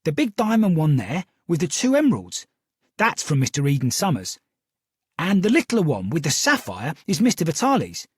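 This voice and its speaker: A man puts on a cheeky young woman in an audiobook, her voice lifted high and lively. She is quick and brash, with a husky grain. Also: no room sound, studio quality, full character voice. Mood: excited.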